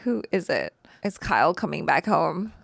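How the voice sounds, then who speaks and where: A woman's voice: low-pitched, very animated, moderate pace, gravelly, no echo. A woman co-hosting a reaction video, exclaiming and gushing over the show. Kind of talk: casual reaction commentary.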